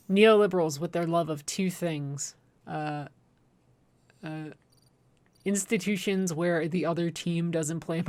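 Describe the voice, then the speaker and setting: This woman in her 30s has a fairly low, slightly mellow voice. Streaming a game, she chats casually, swearing and ranting sarcastically as she rambles and restarts often.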